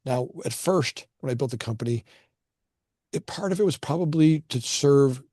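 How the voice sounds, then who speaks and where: A middle-aged man from Florida who founded a construction company speaks as a guest, sharing personal stories in a relaxed conversation and often repeating words as he begins a thought. His voice is mid-range and mellow at a normal speed, recorded cleanly in a studio with no room sound.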